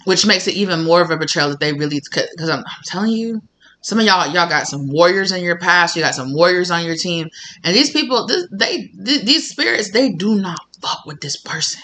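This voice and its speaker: A bright, sharp-toned tarot reader talking straight to viewers in a casual reading. The delivery is blunt and sassy, with free swearing and frequent laughs. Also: mid-range voice, expressive, a little fast.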